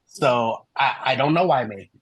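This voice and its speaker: A man guest on a podcast interview, telling his story in an animated way and acting out the dialogue he quotes. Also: mid-range voice, unhurried, breathy edge, dry recording, dull audio. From American Midwest. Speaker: guest, human design reader.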